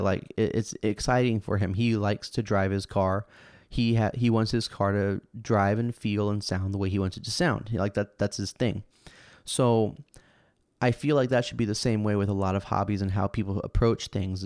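A man hosting a podcast in a casual chat, rambling and laid-back, full of fillers and restarts, animated when telling stories. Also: on the low side, no room sound, studio quality.

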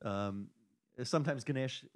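Podcast co-host from Chicago, man, dry close sound, sardonic and halting. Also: mid-range voice, dry recording. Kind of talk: casual comedy podcast chat.

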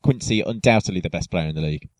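A man's voice: low voice, rapid-fire, no room sound, rough recording. A man hosting a casual football podcast, chatty and friendly, with fillers and restarts. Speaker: podcast host.

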